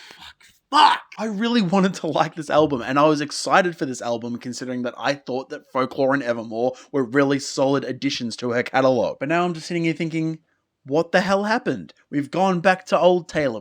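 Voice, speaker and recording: A man giving a ranting music review to camera, sarcastic and exasperated, swearing and swinging from low muttering to loud outbursts.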